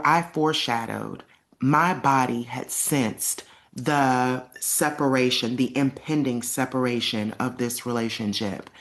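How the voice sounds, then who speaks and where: A young adult woman telling a personal story to camera in a casual, emphatic way, acting out the lines she quotes. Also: extremely low pitch. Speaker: vlogger.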